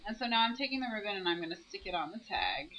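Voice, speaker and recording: A woman's voice: medium pitch, sing-song, fast talker, pushed and bright, lo-fi sound, slight background noise. A woman narrating her own crafting video, explaining each step as she works.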